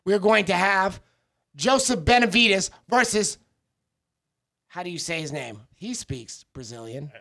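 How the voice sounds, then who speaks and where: A man hosting a casual podcast, with a high, gravelly voice and a bright, sharp edge. He jokes constantly and teases his co-hosts as he rolls from topic to topic. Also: expressive, measured pace. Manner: joking, riffing, teasing. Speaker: podcast co-host. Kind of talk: casual chat.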